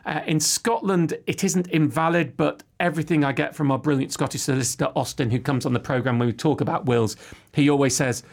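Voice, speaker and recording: Brief: male host, casual chat, quick self-mocking bursts, gravelly tone. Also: a little high. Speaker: podcast host.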